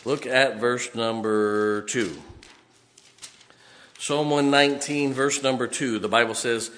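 A man preaching a fiery, folksy sermon, building emphatically to loud peaks. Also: mid-range voice. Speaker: pastor. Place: church sanctuary.

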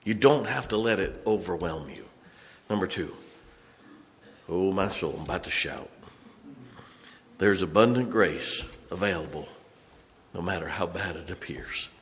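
A man preaching a sermon as pastor, telling stories from the pulpit and breaking into song and shouts. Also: low voice, animated, measured pace, long pauses, in a large hall, slight background noise. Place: church sanctuary.

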